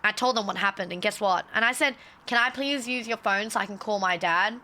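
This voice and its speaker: A woman's voice: medium pitch, fairly quick, sharp tone. A young woman streamer telling a story casually on a livestream, swearing freely and acting out the quotes.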